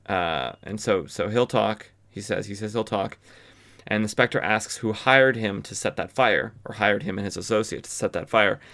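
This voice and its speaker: A man's voice: lowish voice, normal speed, gravelly, a bit bright. A man hosting a podcast, recapping a comic book story in a casual, chatty way with lots of filler and wry asides. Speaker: podcast host.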